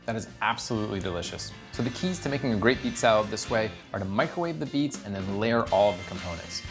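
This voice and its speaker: A man's voice: fairly low pitch, animated, fast talker, music in the background. A man, a test cook, giving an enthusiastic step-by-step cooking demonstration in a home kitchen. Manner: enthusiastic, upbeat, step-by-step explaining.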